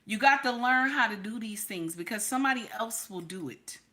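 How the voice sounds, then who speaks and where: An expressive woman with a high-ish voice talks a little fast, her tone bright and forceful. She hosts a stream giving women blunt, preachy advice, repeats herself for emphasis, and engages her chat by reading names.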